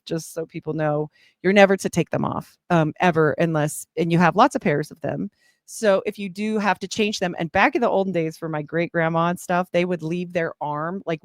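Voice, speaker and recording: A woman's voice: fairly low pitch, no echo, studio quality. A middle-aged woman giving a candid personal testimony in a chatty storytelling way, full of fillers. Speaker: guest sharing testimony.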